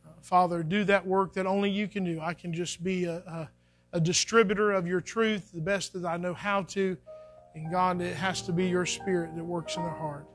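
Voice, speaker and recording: Preacher guy, high pitched, chatty sermon in a church, faint music in the background. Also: steady tone, normal speed. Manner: folksy, conversational preaching with acted-out quotes. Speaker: pastor. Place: church sanctuary. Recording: faint music behind, church live stream.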